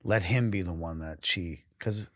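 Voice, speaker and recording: Man, podcast guest, from New England, somewhat low voice, dry sound, candid, emotional, profane. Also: unhurried, no room sound. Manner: raw and emotional, swears freely, breaks off and restarts. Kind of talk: candid storytelling in a podcast interview.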